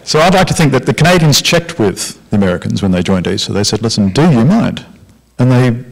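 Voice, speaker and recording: A man's voice: medium pitch, big pitch swings, quick pace, gravelly. A man on a discussion panel, arguing his point emphatically and tagging lines with "okay?" and "yeah?". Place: lecture hall. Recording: echoey hall.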